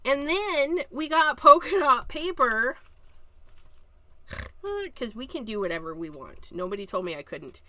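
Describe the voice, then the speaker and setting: A woman's voice: a little high, lively intonation, measured pace, pushed and bright. A woman hosting a live card-making tutorial, chatting and joking to herself as she works. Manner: chatty, jokey, talks to herself while working.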